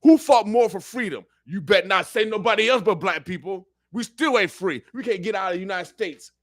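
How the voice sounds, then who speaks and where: A man's voice: high voice, a little fast, a bit bright, no room sound, clean studio sound. A man speaking as a radio show guest, talking politics in a fiery, preacher-like way and repeating phrases for emphasis. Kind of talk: impassioned political talk. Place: radio studio.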